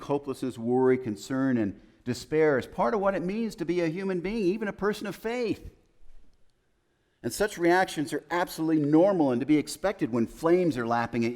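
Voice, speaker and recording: In a chapel, a pastor preaches a sermon in a fairly high voice at a moderate pace. He builds momentum through emphatic lists, then drops into soft, hushed quotations.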